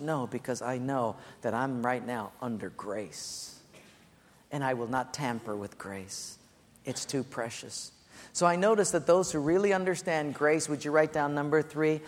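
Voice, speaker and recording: Earnest male pastor preaching in a hall. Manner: earnest, drops soft and low on key points, repeats for emphasis. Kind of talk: sermon. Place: church sanctuary. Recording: echoey hall.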